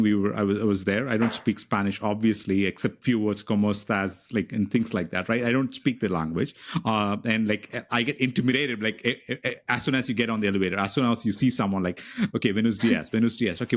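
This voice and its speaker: A man hosting a podcast, chatting casually and friendly with his guest, often restarting his sentences. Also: fairly low pitch. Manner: friendly, with many fillers and restarts. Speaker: podcast host. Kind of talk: casual interview chat.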